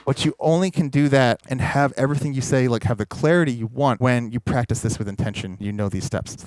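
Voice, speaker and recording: A man teaching drum technique in a casual, explanatory way, pausing to demonstrate strokes as he talks. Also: medium pitch, no room sound. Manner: explanatory, demonstrating while talking. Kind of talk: instructional video. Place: recording studio with drum kit. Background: drum playing.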